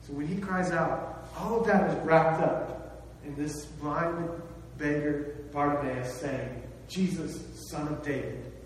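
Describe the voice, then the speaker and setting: A man preaching in a large hall, recorded by a mic some distance away, so his voice rings with long, heavy reverb. His pitch sits a little high for a man, and he talks to the room like a conversation, tossing out questions and lifting his voice on the phrases that matter. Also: slow, a little hiss or hum. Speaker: pastor. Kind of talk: sermon.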